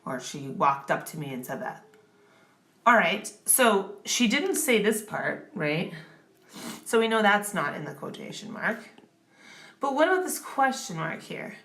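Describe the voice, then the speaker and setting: Patient woman tutor, slow explanation. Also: mid-range voice, very animated, a bit bright. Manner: patient, checks in with "okay?" and "right?". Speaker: grammar tutor. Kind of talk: classroom explanation.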